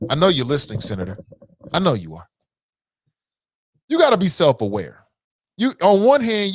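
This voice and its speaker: Animated, blunt male commentary host. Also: on the high side, dry recording. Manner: blunt, profane, animated, talks to viewers as "fam". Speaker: host of a news commentary show. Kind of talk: casual opinion commentary.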